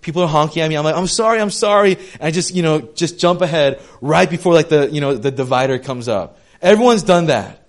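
A young man preaching a sermon in a conversational, animated way, full of casual slang and asides. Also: a little high, a little fast, few pauses. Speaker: pastor.

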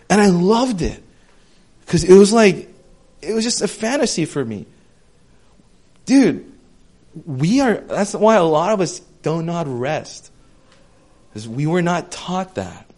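Animated young man preaching conversationally. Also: high voice, a little slow, long pauses. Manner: animated, conversational, with lots of asides. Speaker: pastor. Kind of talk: sermon.

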